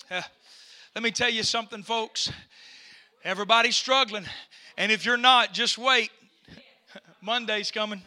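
A male pastor preaching a fiery sermon, shouting often and filling nearly every pause with "uh". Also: high voice, dry recording. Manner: fiery preaching with constant "uh" fillers.

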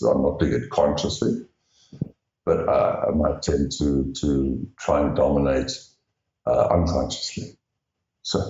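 A man's voice: extremely low pitch, gravelly, dark tone. A man co-hosting a podcast in casual chat, reflective and self-deprecating. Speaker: podcast co-host. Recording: dull, echoey room sound.

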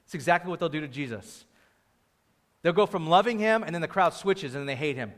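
A young man preaching a sermon in an animated way, acting out the crowd's voices and raising his voice for emphasis. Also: on the high side, brisk. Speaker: pastor.

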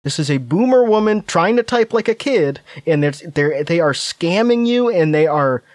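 A man co-hosting a podcast who reads a post aloud and breaks off into blunt, mocking, profane asides. His voice sits a little higher than most men's. The sound is close and dry, with almost no room around it. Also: expressive, moderate pace, dry recording. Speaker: podcast co-host. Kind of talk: casual chat, reading a post aloud.

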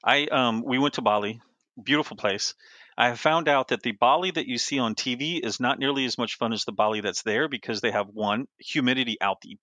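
A man's voice: medium pitch, a little fast, bright, forceful tone, no echo. A middle-aged man, an author being interviewed, telling casual stories with laughs, restarts and trailing asides. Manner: rambling, laughing storyteller with many restarts. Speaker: author guest.

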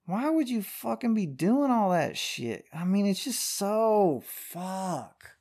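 A young man with a high, sing-song voice hosts a podcast, speaking slowly with a slightly mellow tone. He rants through the news in slangy, drawling speech full of heavy swearing.

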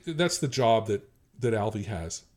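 A man's voice: fairly low pitch, very animated, normal speed, a little mellow. A middle-aged man co-hosting a podcast, talking casually about a TV episode, hesitant, restarting often and chuckling. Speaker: podcast co-host. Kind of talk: casual chat.

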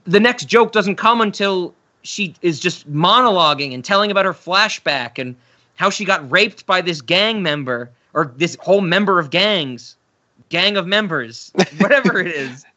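Chatty man reviewing a film, bright tone. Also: high-pitched, lively intonation, moderate pace. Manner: rambling, restarts, acts out quotes. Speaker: podcast co-host. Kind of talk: casual film review chat. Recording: slightly muffled audio.

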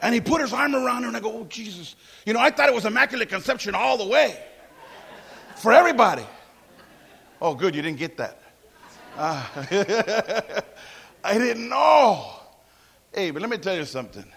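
High-voiced emphatic male preacher. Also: normal speed, vocal fry, breathy edge. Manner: emphatic, animated preaching with humor. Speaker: pastor. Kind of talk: sermon.

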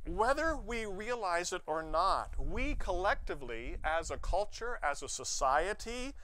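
A male pastor preaching an Easter sermon, expressive, with playful asides. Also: high voice, measured pace. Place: church sanctuary.

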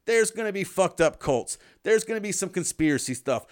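A man's voice: high voice, animated, brisk. Profane man rambling on a podcast. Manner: profane, rambling, frequent restarts. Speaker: podcast co-host. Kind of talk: casual chat.

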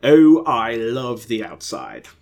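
A man's voice: fairly high pitch, animated, unhurried, husky, voice pushed up. A man voicing a bumbling, theatrical British ghost, an old inventor who gets flustered and pleads dramatically.

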